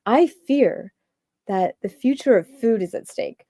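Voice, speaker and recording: Rambling woman with a mellow voice. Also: a little high, animated, measured pace, no room sound. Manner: rambling, many filler "likes". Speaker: livestream host. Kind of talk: stream-of-consciousness rant.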